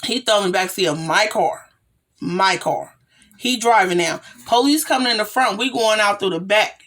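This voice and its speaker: A woman from California telling a personal story in a casual, slangy way, her voice rising high whenever she quotes herself in the tense moments. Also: moderate pace. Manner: animated, slangy retelling with rising excited quotes.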